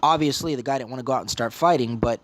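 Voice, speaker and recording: Thirty-year-old male vlogger, mid pitch, loose rambling storyteller. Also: fast talker. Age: 30s. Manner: rambling, repetitive retelling. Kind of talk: casual storytelling to camera.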